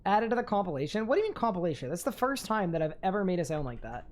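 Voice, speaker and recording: A young woman giving live gaming commentary on a stream, talking to chat, excitable and quick to laugh. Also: fairly low pitch.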